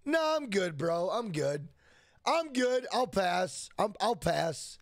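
A man's voice: sits high, big pitch swings, slow, no room sound. A young man streaming a game, chatting loosely with profanity, repeating himself and reading chat questions aloud. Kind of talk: casual live stream chat.

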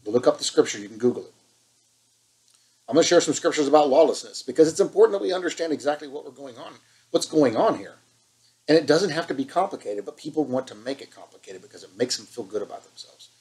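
A man's voice: medium pitch, lively intonation, quick pace, dark tone, low-quality recording. A man preaching an impassioned online sermon, fired up and scolding, hammering points with repetition.

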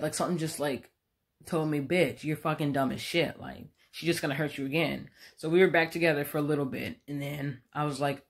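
A woman's voice: sits low, darkish tone, a little hiss or hum. A woman in her thirties telling a long, rambling story in a casual vlog, cursing often and poking fun at herself. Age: 30s. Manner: rambling, profane, self-mocking. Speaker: vlogger. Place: room at home with her cat. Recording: roomy, echoey room.

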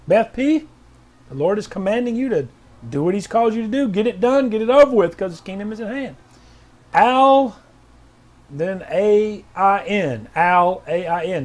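A man reading out prophetic words to named listeners, repeating each one slowly and loudly, then explaining it in quiet, halting asides. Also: high-pitched, animated. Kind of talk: informal prophetic reading with commentary.

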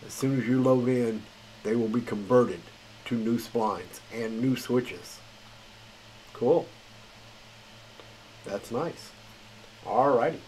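A man running a gaming channel reads patch notes late at night, sounding tired, rambling, and casual, using lots of filler and chuckling at himself. His mid-range voice is a little mellow, slow, and broken by long pauses. The low-quality recording has slight background noise.

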